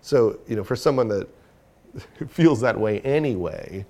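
Gravelly low-voiced man, candid and self-critical. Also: lively intonation, a little slow, darkish tone. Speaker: interview guest, filmmaker and comedian. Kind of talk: candid conversational interview.

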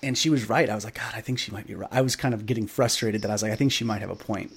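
A man in his thirties, a podcast guest, telling a story in a casual, animated way, acting out quoted dialogue with many fillers. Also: on the low side, racing, slightly rough.

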